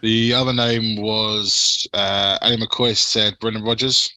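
A man's voice: on the low side, little pitch movement, takes it slowly, sharp tone. A man hosting a casual football podcast, rambling and swearing freely as he turns questions to his co-hosts. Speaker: podcast host.

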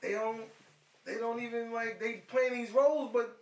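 Middle-aged man, high voice, animated profane storyteller, echoey room, off-mic. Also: moderate pace, recorded from a distance. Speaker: guest. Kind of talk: casual chat.

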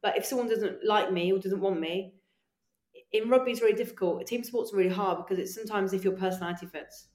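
A woman guest on a podcast, telling animated stories in casual chat, swearing freely and acting out her own voice. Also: mid-range voice, quick pace. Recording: echoey room.

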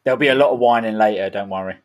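A man's voice: on the low side, rapid-fire. A man co-hosting a podcast, tipsy and ranting with mock outrage in casual chat. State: drunk. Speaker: podcast co-host.

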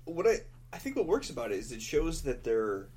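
A man's voice: mid-range voice, very animated, fairly quick, a little mellow. A man co-hosting a movie podcast, eagerly laying out his points about the film. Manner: enthusiastic, builds arguments. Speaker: podcast co-host. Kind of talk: casual movie chat.

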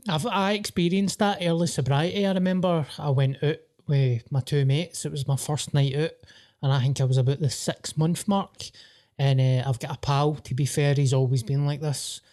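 A Scottish man hosts a podcast in casual chat. His voice sits a little high for a man as he tells stories with plenty of swearing. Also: steady tone, moderate pace, a little mellow. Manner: sweary, storytelling. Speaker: podcast host.

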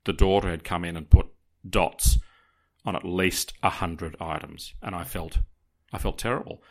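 Podcast co-host, male, lower voice, dramatic anecdote teller. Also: normal speed. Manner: animated, dramatic, addresses listeners directly. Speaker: podcast co-host telling a story. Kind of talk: casual storytelling to listeners.

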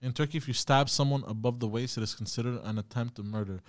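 A man's voice: medium pitch, fast. A man co-hosting a podcast in a casual chat, hesitantly looking things up and reading them aloud. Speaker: podcast co-host.

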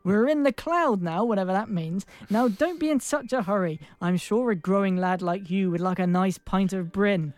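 A one-eyed giant landlady from a comic fairy tale, cackling loud and high as she looms over a small visitor, as a woman puts her on. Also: moderate pace, few pauses, no echo, lightly acted. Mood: menacing.

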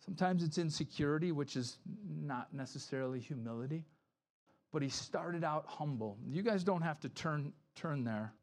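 A pastor preaching a conversational sermon, acting out quoted voices, often asking "right?" and restarting sentences. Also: male voice, a little high, expressive, moderate pace, darkish tone.

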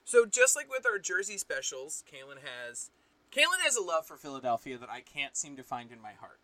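A man's voice: a little high, big pitch swings, a little fast, pushed and bright, no room sound, low-quality recording. A man co-hosting a podcast in casual chat, teasing and groaning at his co-host.

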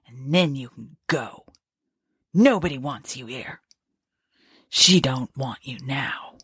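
A woman's voice: sits low, breathy edge, no echo, clean studio sound, exaggerated voice. A woman reading an audiobook, voicing a grieving, bitter older woman servant who scolds in harsh, ungrammatical rural speech.

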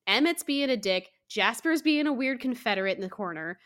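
Animated woman podcaster recapping a film. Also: a little high, brisk. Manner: animated, acts out characters in quotes. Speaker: podcast co-host. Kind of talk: casual chat.

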